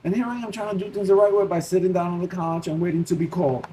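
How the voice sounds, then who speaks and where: A man with a New York accent, telling a personal faith story in a casual, animated way and acting out his own worried thoughts. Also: sits high, fast, slight background noise, low-quality recording. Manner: animated, restarts often, acts out his own panicked thoughts. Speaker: Christian vlogger.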